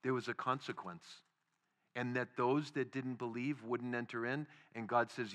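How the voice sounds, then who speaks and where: A man preaching a sermon, emphatic, rising to loud stresses and then dropping quiet. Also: mid-range voice, steady tone, moderate pace. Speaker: pastor.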